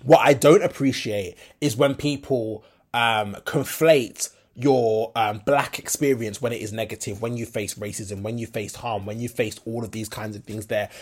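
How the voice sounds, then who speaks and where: A man's voice: fairly low pitch, steady tone, normal speed, few pauses, husky. A young man from the Midlands, switching between a Birmingham and a London accent, talking frankly in a rambling solo podcast monologue full of fillers and restarts. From English Midlands. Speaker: podcast host.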